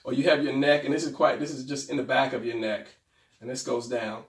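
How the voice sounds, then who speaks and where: A man's voice: medium pitch, level tone, a little fast. A man teaching anatomy drawing in a casual, rambling way, thinking aloud as he sketches. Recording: roomy, mic far from speaker.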